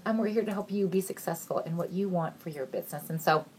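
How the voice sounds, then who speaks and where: A woman in her thirties makes an emotional sales recruitment pitch, talking fast with slight background noise. Earnest and gushing, she says "you guys" a lot, nears tears at times, and swings between excited highs and hushed near-whispers.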